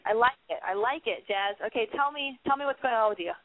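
A young woman hosts a call-in radio advice show, her fairly high voice moving at a quick pace. She speaks bluntly, swears a lot, and drifts into rambling asides, all over a dry, phone-line-quality recording.

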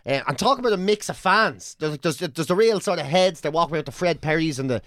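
A man's voice: a little high, brisk, no room sound, clean studio sound. Irish man swearing through a story. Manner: animated storytelling, swears often, breaks into chants. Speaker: podcast co-host. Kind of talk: casual chat.

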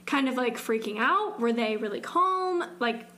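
Young woman, slight southern twang, higher voice, casual podcast chat, lots of "like". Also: animated, measured pace, sharp tone. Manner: chatty, heavy use of "like", trailing restarts. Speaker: podcast co-host. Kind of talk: casual true-crime chat.

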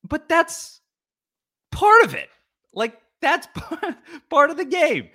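A man on a sports podcast rants about rival fans, his bright voice jumping up and down in pitch. He talks with lively, teasing force and drops into mocking whiny imitations. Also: slow. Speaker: podcast co-host.

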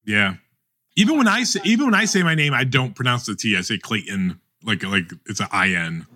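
A man hosting a podcast, talking animatedly in a casual roundtable chat with many quick restarts. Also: medium pitch, very animated, sharp tone. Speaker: podcast host.

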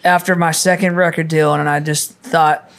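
A man from Minnesota, a musician guest on a podcast, telling stories in a casual, animated way and swearing freely. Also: on the high side, moderate pace, smooth. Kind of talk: casual chat.

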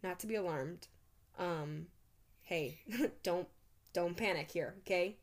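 A woman voicing a drunk, cheerful young female friend in a hushed, sheepish voice. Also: lowish voice, slow pace, voice pushed down.

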